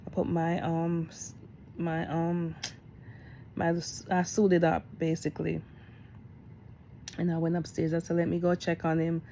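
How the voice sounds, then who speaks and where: A middle-aged woman talking candidly in a storytime vlog, getting animated as she retells events. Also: lowish voice, measured pace, long pauses, slight background noise. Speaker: vlogger.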